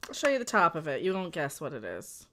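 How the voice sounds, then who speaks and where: Hosting her own late-night internet show from her home in Las Vegas, a woman speaks fast in a deep, slightly bright voice with huge pitch swings. She rambles in a playful, cheeky way, often cutting herself off mid-sentence to start over.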